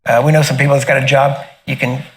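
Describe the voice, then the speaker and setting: Man telling a lively personal testimony. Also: medium pitch, fast talker, creaky, a little hiss or hum. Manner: animated storyteller, laughs often, acts out quoted voices. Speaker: minister sharing a testimony. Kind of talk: casual storytelling testimony.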